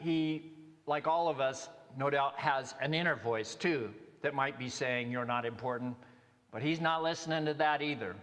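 Pastor preaching in a reverberant hall. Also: male voice, a little high, a bit bright. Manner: conversational, halting, with many restarts and fillers. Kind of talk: sermon. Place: church sanctuary. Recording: long reverb of a church hall.

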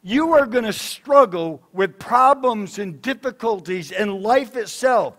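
Pastor, male, high-pitched tenor, emphatic preaching that swings loud to soft. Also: unhurried. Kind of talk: sermon. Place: church sanctuary.

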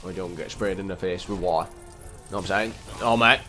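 Young male let's-player, lowish voice, chatty and excitable, faint music underneath. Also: brisk. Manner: excitable, rambling, talks to the game characters. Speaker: gameplay commentator. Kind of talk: casual let's-play commentary.

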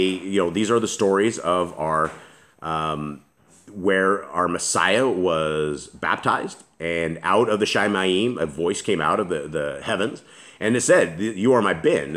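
Earnest man reading scripture, low-voiced. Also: fairly bright tone. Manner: earnest, emphatic, with frequent restarts. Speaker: Bible teacher.

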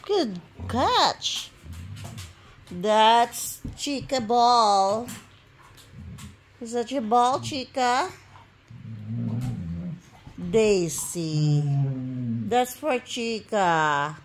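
Lady talking sweet to her dogs at home, slow and kinda high, little bit of house noise behind. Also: expressive. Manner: sing-song baby talk to her dogs. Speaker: pet owner vlogger. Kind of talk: casual talk to pets. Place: home with pets.

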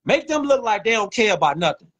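A man hosting a livestream on his phone, talking in a slangy, animated way and repeating lines for emphasis. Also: sits high, fast. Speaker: livestream host. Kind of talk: casual livestream rant.

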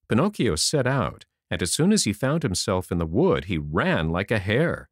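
Male storyteller reading a children's classic, very expressive pitch, dry close mic. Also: normal speed, hardly any pauses, no room sound. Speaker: audiobook narrator. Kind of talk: storybook narration.

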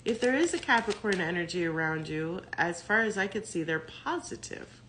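A woman's voice: fairly low pitch, animated, moderate pace, fairly bright tone, slight background noise. A woman doing a casual tarot reading to camera, blunt and profane, thinking aloud as she talks. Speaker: tarot reader.

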